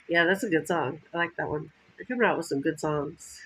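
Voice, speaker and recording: A woman's voice: low voice, a little fast, hardly any pauses, fairly bright tone, slight background noise, rough recording. A woman from Los Angeles County chatting casually in a rambling vlog, laughing often and acting out what others said. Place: lying down at home.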